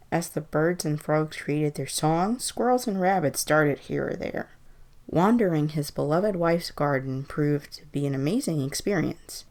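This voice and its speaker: A woman reading a Halloween horror story aloud in an even, measured way. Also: sits low.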